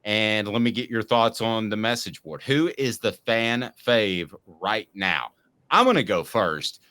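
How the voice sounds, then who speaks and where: A man's voice: on the low side, lively intonation, a little slow, pushed and bright. A man hosting a casual sports talk show, upbeat and steering the chat with questions to his co-host.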